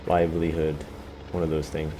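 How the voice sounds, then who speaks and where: A man's voice: rumbling low, completely flat delivery, normal speed, dark tone, a little hiss or hum, poor audio. A man streaming a farming game, chatting in a rambling, self-mocking way with lots of "you know" fillers. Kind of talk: rambling live-stream chat. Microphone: desk microphone, no camera.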